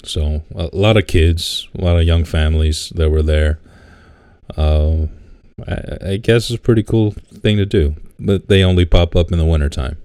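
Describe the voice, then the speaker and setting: A man's voice: deep voice, normal speed, dark tone, clean tone, dry recording, studio quality. A man co-hosting a podcast, telling stories in a laid-back, casual way, swearing and laughing often. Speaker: podcast co-host. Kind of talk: casual chat.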